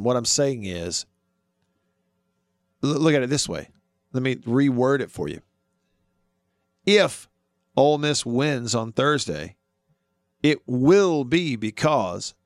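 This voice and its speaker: A man's voice: mid-range voice, dry recording, clean studio sound. A man hosting a sports talk radio show, arguing his points and asking listeners questions. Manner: animated, argues with himself, asks listeners questions.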